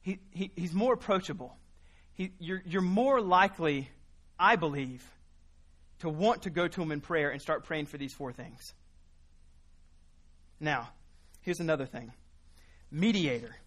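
A man delivers a sermon in a high, bright voice. He works through scripture earnestly, leaning on repeated words to build emphasis. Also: unhurried, pauses often. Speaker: preacher.

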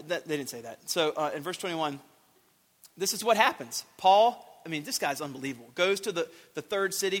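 A man preaching a sermon, animated, acting out quoted voices and shouting for emphasis. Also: high-pitched. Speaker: pastor. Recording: long hall reverb.

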